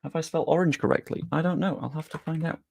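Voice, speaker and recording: A man's voice: on the high side, steady tone, fast, vocal fry, no echo. A young man hosts a live stream, talking casually and making jokes at his own expense. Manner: chatty, jokey, self-deprecating. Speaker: streamer hosting a sweepstake draw.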